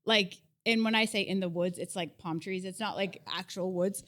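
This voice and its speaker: In casual podcast chat, a woman in her thirties who co-hosts the show tells an animated story and laughs a lot. She speaks at a normal speed with a medium pitch.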